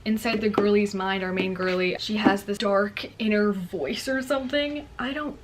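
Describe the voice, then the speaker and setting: A woman's voice: medium pitch, normal speed, noisy background. A young woman chatting casually to camera as a book vlogger, bubbly and full of fillers. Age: young adult. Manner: bubbly, chatty, lots of "like" and "girlie".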